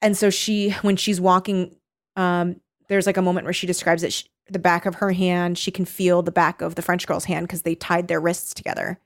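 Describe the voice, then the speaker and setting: A woman retelling a novel's plot in casual chat, animated, swearing and quoting the characters. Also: lowish voice, moderate pace. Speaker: podcast co-host discussing a novel.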